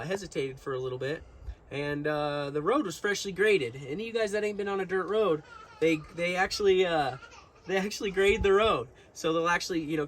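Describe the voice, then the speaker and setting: A man's voice: on the high side, a bit bright, a little hiss or hum. A young man telling a long story to his viewers in a casual, rambling way, full of fillers and restarts. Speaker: vlogger.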